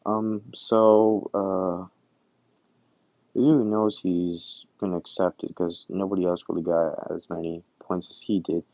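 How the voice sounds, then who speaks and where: Casual male storyteller, rambling with fillers, low voice, dry dull sound. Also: level tone, slow, no echo. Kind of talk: casual fan-story retelling.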